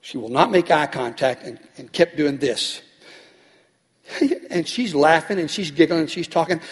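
A man preaching as pastor acts out the people in a story he tells with animation, his slightly rough, higher voice moving at normal speed. Long hall reverb fills the recording.

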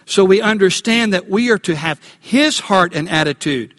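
A man preaching a Sunday sermon as pastor, asking the congregation questions and slowing down to stress key words. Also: high voice, expressive, a bit bright, long reverb tail. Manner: call-and-response questions to congregation. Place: church.

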